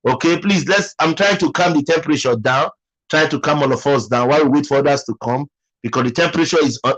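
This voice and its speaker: A man's voice: fairly high pitch, fairly bright tone, low-quality recording. A Nigerian man hosting a casual livestream, chatting and teasing while reading viewers' comments. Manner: chatty, repeats phrases, teasing. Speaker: livestream host.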